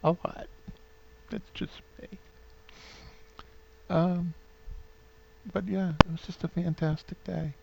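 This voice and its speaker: A man's voice: sits high, little pitch movement, slow pace, gravelly, pauses often, very noisy. A man in his fifties with a New England accent rambles sentimentally through a home vlog, full of fillers and restarts. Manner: sentimental, gets openly emotional. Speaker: vlogger.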